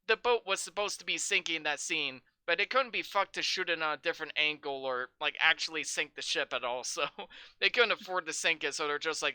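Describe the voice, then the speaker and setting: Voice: mid-range voice, pushed and bright, clear, resonant tone, dry recording. Crude, laughing podcast host. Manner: profane, laughing, mocking recaps with quick voice impressions. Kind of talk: casual film podcast chat.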